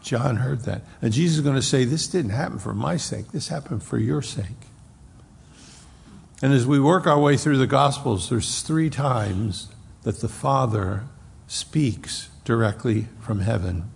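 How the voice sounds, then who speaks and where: A man with a gravelly, husky voice at an ordinary pitch preaches through a Bible passage. He moves at a slow, deliberate pace and leans hard on the words he wants to stress. His voice carries a long reverb, as in a large hall. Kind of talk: expository sermon.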